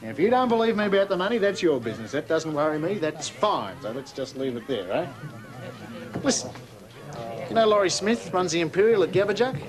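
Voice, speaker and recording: A laconic Aussie punter. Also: male voice, high voice, a little fast, music in the background. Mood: calm. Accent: Australian. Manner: calm, laconic, firm. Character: cool, lucky male horse-picker, calm but stubborn. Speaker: stranger in a country pub. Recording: pub crowd chatter behind. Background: bar crowd murmur.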